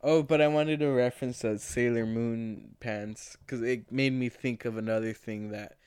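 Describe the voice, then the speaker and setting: A man's voice: mid-range voice, fairly even intonation, moderate pace, a little mellow, clear, resonant tone. A man in his twenties co-hosting a podcast, telling stories in a loose, rambling way with frequent laughs. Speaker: podcast co-host. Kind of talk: casual chat.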